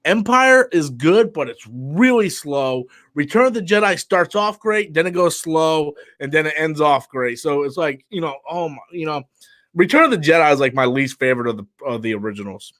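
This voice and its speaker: Co-hosting a live stream, a man with a voice on the high side chats casually and animatedly, swearing freely and restarting quickly.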